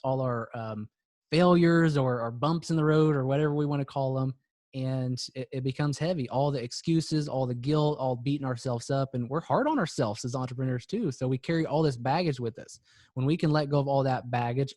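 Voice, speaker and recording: A man's voice: mid-range voice, a little mellow, dry recording, studio quality. A man speaking as a podcast guest and business coach, earnest and reflective, often repeating words for emphasis. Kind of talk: motivational podcast talk.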